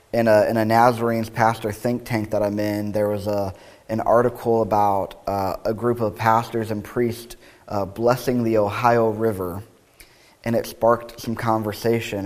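A man's voice: on the low side, a little mellow. A male pastor reading scripture aloud, then preaching in a conversational, reflective way with wry asides.

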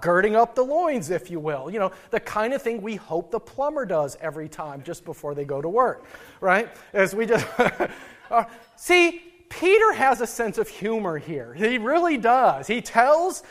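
A man's voice: high voice, fairly bright tone. A middle-aged man, a pastor, preaching a sermon in a folksy, storytelling way and chuckling at his own anecdotes.

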